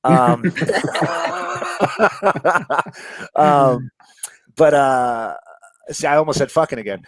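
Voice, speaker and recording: Heard on a rough recording, this New Yorker speaks at a measured pace in a mid-range voice with his local accent. His casual comics chat is rambling and profane, full of fillers and frequent laughter.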